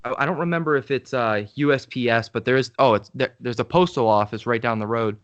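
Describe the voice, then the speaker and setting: A male musician guest in a casual interview, recalling things in a rambling, halting way with lots of fillers. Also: medium pitch, clear, resonant tone, dry recording, dull audio.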